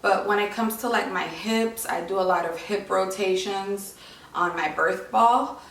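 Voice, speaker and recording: A woman's voice: medium pitch, unhurried, gravelly, a bit bright. Chatty young woman in an echoey room. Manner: chatty, many "like" and "um" fillers. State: short of breath. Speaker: vlogger. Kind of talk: casual pregnancy update vlog. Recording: echoey room, voice a bit far from mic.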